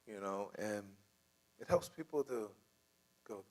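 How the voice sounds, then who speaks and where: A man teaching a church class on conflict in a casual, animated way, acting out bits of dialogue and laughing often. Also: medium pitch, normal speed, long pauses. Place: church room.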